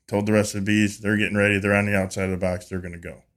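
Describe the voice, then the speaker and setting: A man with a somewhat low voice tells a story in a relaxed, conversational way. He slips into lively voices for quoted dialogue and often restarts or repeats words as he goes. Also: rapid-fire, few pauses. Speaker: podcast guest, beekeeper.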